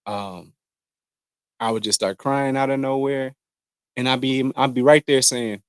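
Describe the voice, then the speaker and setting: A man's voice: medium pitch, fairly even intonation, unhurried, smooth, no echo, studio quality. A man speaking frankly and earnestly to viewers about personal struggles, in a slangy, conversational way with many restarts. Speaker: vlogger. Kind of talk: candid personal talk to camera.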